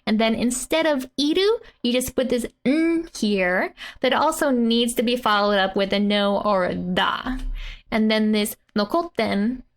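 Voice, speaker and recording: A woman's voice: on the high side, unhurried. A woman teaching a casual language lesson from a comic, laughing often as she explains.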